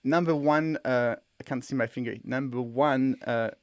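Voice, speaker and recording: A man with an average-pitched voice co-hosts a casual podcast. He tells personal stories in an animated way and often restarts his sentences. The sound is close and dry, with no room echo. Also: moderate pace. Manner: animated storytelling with frequent restarts. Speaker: podcast co-host, developer.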